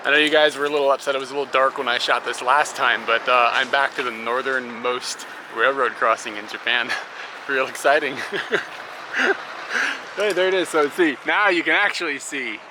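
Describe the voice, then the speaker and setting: A man's voice: medium pitch, fairly even intonation, moderate pace. A young man talking casually to his camera as a travel vlogger, chatty and amused, laughing often between phrases. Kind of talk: casual vlog chat to camera. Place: laundromat and outdoor travel spots. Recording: noisy background with passing vehicles.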